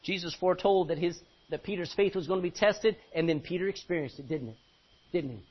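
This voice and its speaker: A man preaching a sermon with animated delivery, swinging from quiet to loud. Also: sits high, fairly quick, breathy edge, highs cut off.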